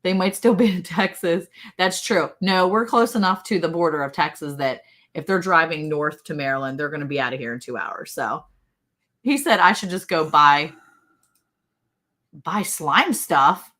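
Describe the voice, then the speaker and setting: A woman's voice: low-pitched, moderate pace, fairly bright tone. A woman co-hosting a casual live stream, telling stories in a chatty way and laughing often. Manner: chatty storyteller, laughs a lot. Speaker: livestream co-host. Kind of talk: casual chat.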